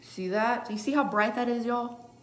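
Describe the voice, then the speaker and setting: At a moderate pace and with a fairly bright, fairly high voice, a young woman hosts a live makeup tutorial from a home room lit by a ring light. Chatty throughout, she checks in with her audience by asking "okay?" after nearly every step, and the recording has an echo.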